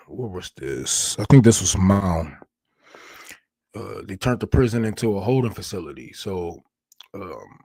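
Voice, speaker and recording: A man's voice: lowish voice, a little mellow, dry recording. Profane, rambling male livestream host. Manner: profane, rambling, heavy slang. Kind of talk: casual livestream commentary.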